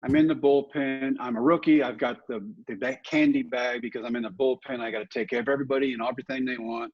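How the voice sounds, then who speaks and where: A middle-aged man tells his stories with real animation, acting out the voices of the people in them. His voice has a husky grain to it. The recording is a little dull and lo-fi. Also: medium pitch, quick pace. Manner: animated anecdotes, acting out other people's lines. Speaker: guest, former ballplayer and motivational speaker. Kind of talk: casual storytelling in a podcast interview.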